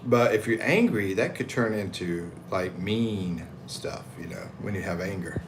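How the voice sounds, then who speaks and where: With a deep voice and a somewhat slow delivery, an American man reads his stream's chat aloud from his Philippine home. He does animated voices for the comments, chuckles a lot and keeps things relaxed, while background noise is audible.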